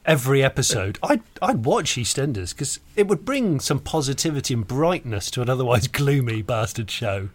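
Man, podcast co-host, casual comedic chat, dry riffing, lively intonation. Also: medium pitch, normal speed, hardly any pauses.

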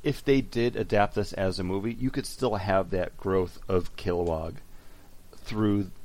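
A man chatting casually among friends on a podcast. His voice sits a little low, and he talks in quick, animated bursts full of fillers and restarts. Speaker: podcast co-host. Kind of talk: casual chat.

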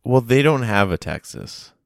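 A man co-hosting a podcast, chatting casually and making absurd deadpan jokes. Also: mid-range voice, a little slow, vocal fry, no echo, studio quality. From United States. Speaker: podcast co-host. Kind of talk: casual chat.

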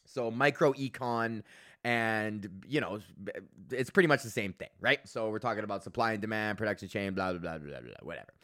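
A young man, hosting a podcast in a casual, profane rant, animated and mocking the people he quotes. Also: on the low side, normal speed. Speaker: podcast host.

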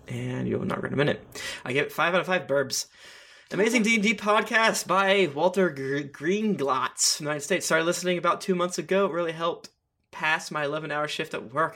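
A man's voice: fairly high pitch, bright, forceful tone. A man hosting a tabletop game podcast, reading listener reviews aloud in a playful way with jokey asides. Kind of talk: casual chat among tabletop game players.

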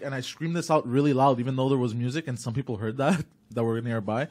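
A man in his twenties in casual chat, telling a story and acting out both sides, with loud outbursts. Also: medium pitch, quick pace, few pauses. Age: 20s.

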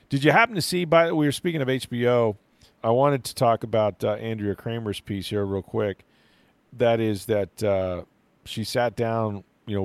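A man's voice: fairly low pitch, a little mellow, no echo. A man hosting a sports show, chatting casually about football with lots of fillers and restarts. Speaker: sports radio host.

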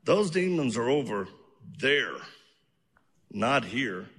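A man who is an evangelist answering questions on stage in a church, animated and joking as he tells stories from his ministry. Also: mid-range voice, takes it slowly, slightly rough. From outside the United States. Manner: animated storyteller, joking and earnest. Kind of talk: testimony-filled Q&A answers. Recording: long reverb of a large church hall.

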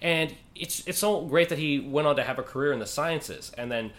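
A fairly high-voiced man talks through a casual podcast chat with growing excitement. He keeps slipping into other people's voices to act out their lines. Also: moderate pace. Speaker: convention organizer.

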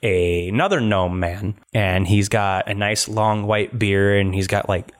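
A man's voice: on the low side, steady tone, measured pace. A man narrating as game master of a tabletop game, loose and joking, laughing often.

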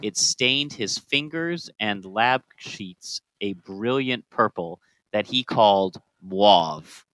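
A man's voice: fairly low pitch, slow, hardly any pauses, pushed and bright, no room sound, poor audio. A man co-hosting a casual podcast, telling chemistry history in a playful, joking way. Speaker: podcast co-host.

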